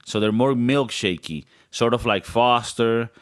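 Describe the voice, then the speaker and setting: A man's voice: medium pitch, measured pace. A young man co-hosting a podcast, rambling and joking in casual banter, swearing often. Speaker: podcast co-host.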